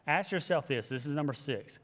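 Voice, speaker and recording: A man who is a pastor, giving an emphatic, animated leadership teaching and repeating his key phrases. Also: fairly high pitch, a little fast. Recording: long hall reverb.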